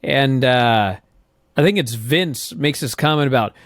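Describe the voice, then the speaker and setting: A man's voice: medium pitch, a little slow, no room sound, studio quality. Blunt, profane male podcast co-host. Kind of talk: casual chat.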